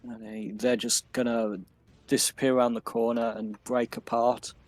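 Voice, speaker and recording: A man narrating a tabletop game as game master, unhurried and loose, with many fillers. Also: mid-range voice, flat delivery, no echo, soft background music.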